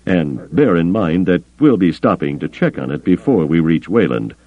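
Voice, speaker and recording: A man's voice: low voice, sing-song, moderate pace, narrow, tinny audio, full character voice. A man voicing a mercenary male smuggler captain who talks in a cool, curt, dry way.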